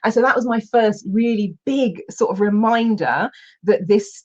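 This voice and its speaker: Woman telling an animated story. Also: mid-range voice, moderate pace, muffled recording. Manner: animated storyteller, exclamations and restarts. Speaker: coach and Huna teacher. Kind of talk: storytelling in a recorded online session.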